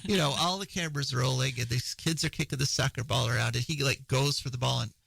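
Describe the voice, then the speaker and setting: Gravelly chatty male radio host. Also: medium pitch, quick pace, a bit bright, dry recording, poor audio. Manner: chatty, laughs often, many fillers. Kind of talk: casual news chat.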